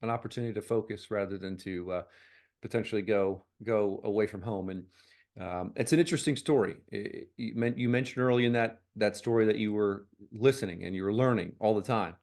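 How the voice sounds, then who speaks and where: Man hosting a podcast, low voice. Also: darkish tone. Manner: measured, restates what the guest says. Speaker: podcast host. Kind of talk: interview questions.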